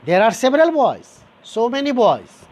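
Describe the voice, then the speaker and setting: A man's voice: very high voice, wildly swooping pitch, moderate pace, darkish tone. A man teaching a grammar lesson, repeating each example sentence and explaining it step by step to his dear students. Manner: addresses listeners as dear students.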